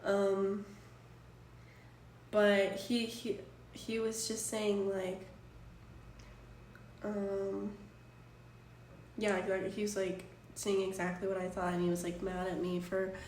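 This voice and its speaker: A woman's voice: medium pitch, flat delivery, slow, pauses often, darkish tone. A woman in her twenties, a streamer, telling a long story in casual chat, full of fillers and restarts. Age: 20s. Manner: rambling, filler-heavy storytelling. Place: apartment room. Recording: roomy distant mic, faint room noise.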